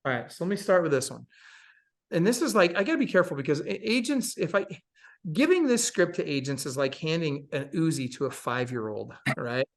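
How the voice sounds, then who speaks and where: A man's voice: fairly high pitch, big pitch swings, brisk. Emphatic, sarcastic man telling a story. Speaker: podcast guest, real estate coach. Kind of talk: casual storytelling interview.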